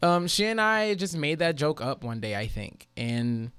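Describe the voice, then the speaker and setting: A man telling a story in a casual chat, animated and profane, laughing as he goes. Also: fairly high pitch, a little slow, smooth.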